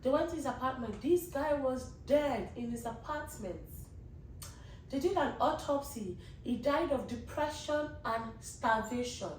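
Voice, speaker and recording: A woman hosts a casual solo podcast. She rambles and restarts, pleading earnestly with her listeners in a high voice. She is recorded in an echoey room with a faint hiss behind her. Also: expressive, measured pace, recorded from a distance. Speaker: podcast host.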